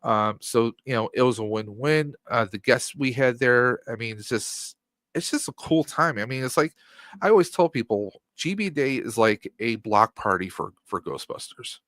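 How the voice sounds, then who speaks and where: A man's voice: mid-range voice, expressive, moderate pace, a bit bright, no echo. A man in his mid-forties talks casually as a podcast guest, with a mid-range voice. He rambles with plenty of fillers. The recording is dry and close. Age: 40s. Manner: rambling, lots of fillers like um and you know.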